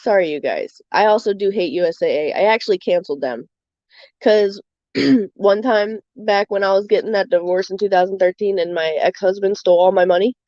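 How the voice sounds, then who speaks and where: Rambling woman with a dark, dull voice. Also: mid-range voice, dry recording. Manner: rambling and candid, many fillers. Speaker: livestream host. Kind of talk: casual chat.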